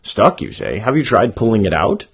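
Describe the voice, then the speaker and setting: A man's voice: fairly low pitch, very animated, moderate pace, creaky, breathy edge, voice pushed up, exaggerated voice. A man voicing a polite, timid male badger in a storybook reading, stammering out nervous excuses. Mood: evasive. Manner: flustered, stammering, excuse-making.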